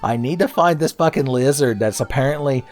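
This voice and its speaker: A man's voice: medium pitch, a little fast, a little mellow. A man in his thirties giving casual gameplay commentary as a let's play host, with jokey, sarcastic and profane asides. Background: faint game music.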